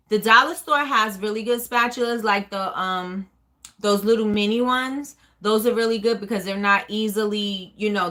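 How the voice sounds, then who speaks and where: Chatty woman with a bright voice. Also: mid-range voice. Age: adult with a child. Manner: chatty, rambling, many fillers and restarts. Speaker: host of a small business live chat. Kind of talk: casual live chat answering viewer questions.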